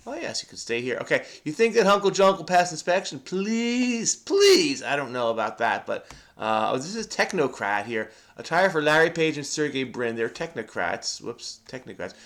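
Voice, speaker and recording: A man's voice: mid-range voice, fairly bright tone. A middle-aged man thinking aloud as he solves a crossword, casual and playful, with jokey asides. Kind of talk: casual solo crossword commentary.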